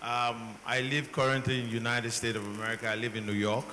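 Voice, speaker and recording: A man with a Nigerian accent speaking on a panel, telling stories with animated exchanges. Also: medium pitch, quick pace, a little hiss or hum. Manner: animated storytelling, acts out exchanges. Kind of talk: panel talk. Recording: long hall reverb, faint ambience.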